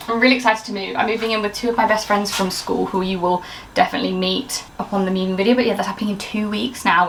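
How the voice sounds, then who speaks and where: A woman's voice: medium pitch, gravelly, a bit bright, a little hiss or hum, low-quality recording. A young woman in her twenties chatting in a rambling, self-interrupting way while baking in her home kitchen. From England. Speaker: lifestyle YouTuber. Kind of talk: casual baking vlog chat. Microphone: camera on the side.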